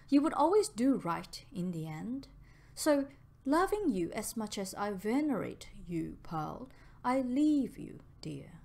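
A woman reading the part of a lovesick nobleman in an audiobook, speaking softly in a hushed farewell. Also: fairly high pitch, vocal fry, full character voice. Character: lovesick nobleman, grave and tender.

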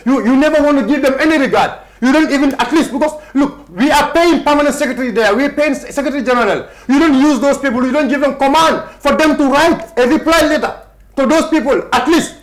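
Gambian man, high-pitched, insistent protest spokesman, repeats himself. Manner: insistent, repeats words, talks over the interviewer. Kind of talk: heated interview answers.

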